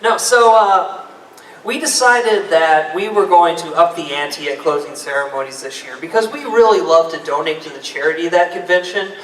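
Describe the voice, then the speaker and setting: A man's voice: fairly high pitch, normal speed, fairly bright tone. A man from a convention tech team telling a joking story with playful plugs to a live audience. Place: convention panel room. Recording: echoey room mic from far off.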